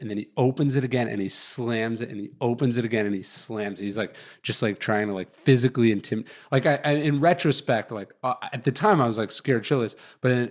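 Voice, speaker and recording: A man in his thirties, a guest author telling a story in a casual interview, rambling with lots of fillers. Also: medium pitch. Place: guest's chosen location.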